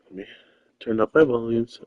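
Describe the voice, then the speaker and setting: A young man talking quietly to himself while streaming a game late at night in his quiet home. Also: mid-range voice, moderate pace, dry recording, dull audio. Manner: quiet, rambling, self-talking. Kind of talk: casual late-night gameplay stream chat. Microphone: controller or headset mic held close.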